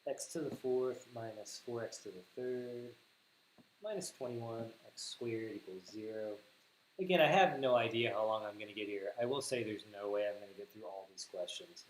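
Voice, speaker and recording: Southern male math teacher, livestream lesson, animated delivery, thinks aloud, echoey room, faint hiss. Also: medium pitch. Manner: thinks aloud, corrects himself, repeats words for emphasis.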